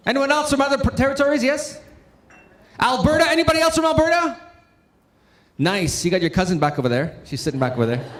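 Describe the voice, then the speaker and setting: A man from Northern Ontario with a very high, fairly bright voice hosts a conference in a large hall, energetically joking and rousing the crowd with call-outs. The recording is echoey with faint room noise.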